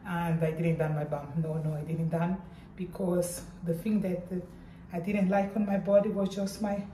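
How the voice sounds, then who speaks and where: A middle-aged woman vlogging casually in while in pain after surgery, talking in a strained, halting way with groans. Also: medium pitch, warm tone, far from the mic, a little hiss or hum. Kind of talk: casual vlog. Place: hospital room. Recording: echoey room, voice off-mic at times.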